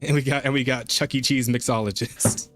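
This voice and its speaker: A man's voice: medium pitch, steady tone, brisk, a bit bright, faint music behind. Laughing, profane man on a podcast. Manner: loose and profane, laughs often, stammers on restarts. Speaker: podcast co-host. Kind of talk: casual podcast chat.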